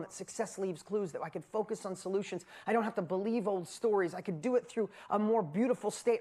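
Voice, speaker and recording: A man in his fifties from upstate New York, speaking as a motivational speaker to a live audience. He is emphatic and animated, and jokes at his own expense in quick bursts. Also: sits high. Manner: animated and emphatic, with self-mocking asides and fast bursts.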